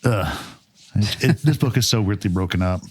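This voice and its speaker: A man with a lowish voice talks through a book on a podcast in an easy, meandering way. He leans on fillers and drops the odd swear. The sound is close and dry, with no room around it. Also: normal speed, breathy edge, dry recording. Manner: rambling, with frequent fillers and swearing. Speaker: podcast co-host. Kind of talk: casual chat about a book.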